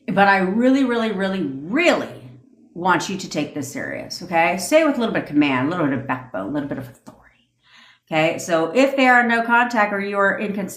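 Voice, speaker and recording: A woman hosts a casual livestream rant, blunt and full of swearing as she gives firm instructions. Her voice sits at an ordinary middle pitch. The sound carries a noticeable room echo. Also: fairly bright tone. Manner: blunt and profane, commanding. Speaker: manifestation coach hosting a live stream. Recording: roomy echo.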